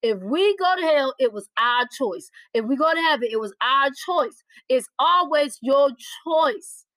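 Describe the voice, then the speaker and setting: A woman's voice: high voice, lively intonation, moderate pace, a bit bright, no echo, low-quality recording. A woman preaching a podcast sermon, urging listeners with repeated warnings and direct appeals. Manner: urgent, repetitive exhortation, speaks directly to listeners.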